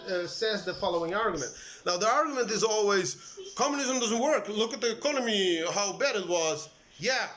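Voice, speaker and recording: Heated, profane man ranting, high voice. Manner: profane, heated, trailing restarts and fillers. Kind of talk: casual rant to camera. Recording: echoey room with faint background noise.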